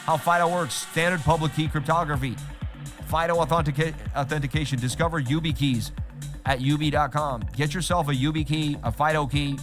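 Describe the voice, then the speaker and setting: A man's voice: a little high, fairly even intonation, fairly quick, a bit bright, soft background music. A man hosting a casual livestream about trading, chatting in a rambling, repetitive way.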